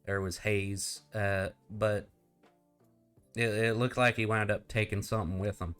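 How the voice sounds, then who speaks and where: A man playing a jittery townsman who stalls and hems before every answer. The voice sits fairly low, and he talks slowly and smoothly. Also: fairly even intonation, fairly bright tone, soft background music. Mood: nervous. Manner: hesitant, full of ums. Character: nervous male townsman being blackmailed.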